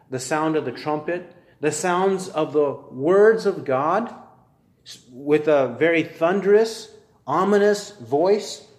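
A man preaching a sermon, building his points through earnest, measured rhetorical questions. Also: fairly high pitch, reverberant.

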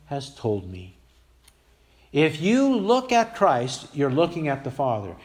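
A man preaching a sermon, reading scripture aloud and repeating key phrases with emphatic, earnest delivery that sometimes sinks to a quiet intensity. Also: fairly high pitch, wildly swooping pitch, slow.

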